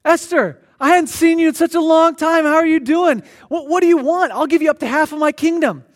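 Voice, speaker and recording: A man voicing a jovial, generous king who talks loudly and effusively. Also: very high voice, brisk, voice pushed up. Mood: delighted. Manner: loud, effusive.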